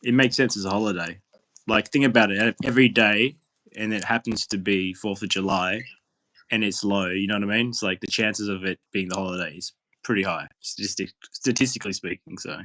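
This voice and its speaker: A man's voice: on the low side, fairly even intonation, brisk, bright, forceful tone, poor audio. A man, a guest on a live stream, telling loose, rambling stories full of fillers and laughs. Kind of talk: casual swearing storytelling.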